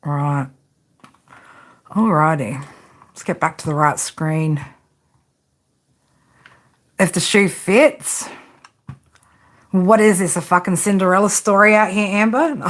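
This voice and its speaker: A woman's voice: medium pitch, slow pace, long pauses. Chatty woman reading tarot live. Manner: chatty, swears freely, jokes with live chat. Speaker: tarot reader.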